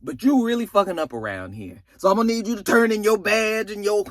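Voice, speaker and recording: A man's voice: high voice, animated, a little fast, no echo, studio quality, pitched above the performer's own voice. A man voicing a blunt, crude middle-aged male police chief who lectures at length. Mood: lecturing. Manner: scolding, rambling, crude.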